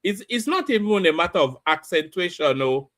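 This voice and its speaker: Brief: male commentary host, lively high voice, scoffing, repeats himself. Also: moderate pace. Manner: incredulous, repeats words and stumbles. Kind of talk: reaction commentary.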